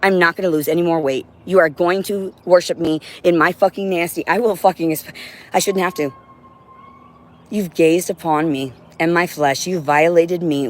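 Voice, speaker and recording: A woman on a livestream in an agitated, profane, rambling monologue, now and then talking to her cat. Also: deep voice.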